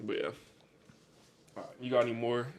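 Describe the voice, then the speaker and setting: A young American man co-hosting a podcast, telling stories in an animated, casual way with lots of fillers. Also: mid-range voice, fairly quick, slight background noise. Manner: animated storyteller, many fillers. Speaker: podcast co-host. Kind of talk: casual chat.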